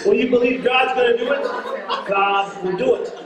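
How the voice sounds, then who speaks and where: High-voiced man preaching in an echoey hall. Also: moderate pace, a crowd in the background. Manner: animated, laughing, acts out voices in his story. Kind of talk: sermon testimony storytelling. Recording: echoey and distant from mic, audience noise.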